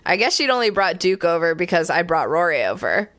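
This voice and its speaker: A woman's voice: lowish voice, sing-song, a little fast, fairly bright tone. Playful, giggly woman co-host. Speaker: podcast co-host. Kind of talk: comedic reading and banter.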